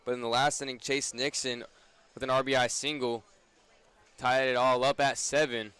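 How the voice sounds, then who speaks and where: A young man doing brisk radio play-by-play of a baseball game, his voice rising on big plays. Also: mid-range voice, level tone, fairly bright tone, clean tone, no echo. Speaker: play-by-play announcer.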